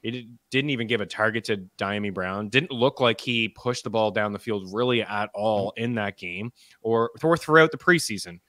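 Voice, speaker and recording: Bright-voiced man in a dry room. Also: lowish voice, moderate pace, no echo. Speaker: fantasy football analyst. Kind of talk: casual podcast chat.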